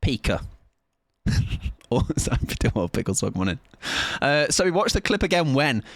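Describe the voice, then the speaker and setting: A man's voice: fairly high pitch, big pitch swings, moderate pace, creaky, a bit bright, no room sound, studio quality. A man chatting casually on a live gaming stream, rambling and laughing often.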